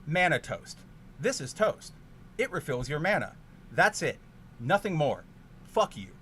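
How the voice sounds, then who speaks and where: A man streaming a card game, ranting and swearing, with sudden loud outbursts in casual chat. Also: on the high side, big pitch swings, measured pace, a little hiss or hum.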